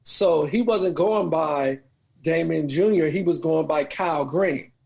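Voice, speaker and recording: A man from New Orleans, a comedian guest telling profane stories in animated, laughing casual chat. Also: on the high side, measured pace, gravelly, breathy edge. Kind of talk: casual storytelling.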